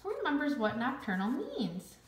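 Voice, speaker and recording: A woman's voice: high-pitched, huge pitch swings, moderate pace, voice pushed up. A woman reading the part of a strict female schoolteacher in a storybook, firm and patient. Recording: roomy echo.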